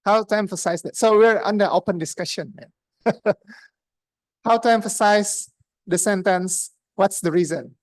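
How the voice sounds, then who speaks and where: A woman's voice: medium pitch, unhurried, dry recording. A woman with an Indonesian accent giving a grammarian report at a speaking club meeting, chatty and full of questions to the room. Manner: chatty, asks the room questions, many fillers. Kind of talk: interactive club speech.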